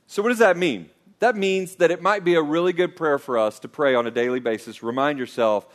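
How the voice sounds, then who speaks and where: A man preaching a sermon, animated and playful, leading his congregation in call-and-response. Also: on the high side, a little fast, few pauses. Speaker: pastor.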